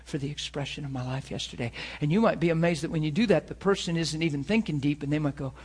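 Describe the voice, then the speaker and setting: A pastor preaching a sermon and telling personal stories in an earnest way, sometimes dropping soft and sometimes rising loud. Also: male voice, on the high side, fast talker, husky. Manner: earnest storytelling, swings from soft confessional to loud emphatic.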